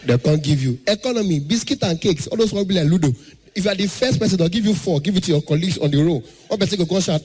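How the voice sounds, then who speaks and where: A man doing an animated stand-up comedy set, slipping into pidgin and acting out the characters in his stories. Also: a little high, racing. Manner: animated, acts out mothers and airline staff in pidgin.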